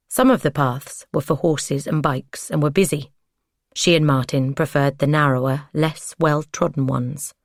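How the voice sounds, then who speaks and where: Low-pitched woman, measured audiobook narrator, dry close mic. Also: no echo.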